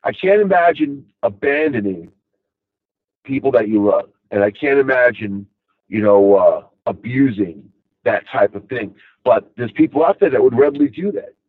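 Over tinny, phone-like audio with no echo, a middle-aged Long Island native speaks in a mid-range voice with his regional accent. He rambles casually through a monologue, dropping "you know" again and again.

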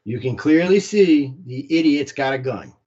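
A man's voice: medium pitch, animated, normal speed, mellow. Blunt rambling man, lo-fi stream. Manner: blunt, rambling, laughs at himself. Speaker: co-host. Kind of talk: casual chat.

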